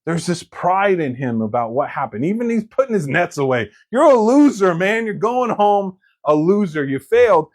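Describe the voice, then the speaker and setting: A man's voice: high-pitched, big pitch swings, normal speed, hardly any pauses. A man preaching a sermon in a conversational, joking way, acting out quoted voices.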